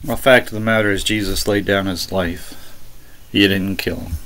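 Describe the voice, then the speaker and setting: A man's voice: low voice, steady tone, moderate pace, background noise. A man giving a rebuttal commentary on a sermon recording in an argumentative, sarcastic way, repeating his points insistently. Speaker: religious commentator.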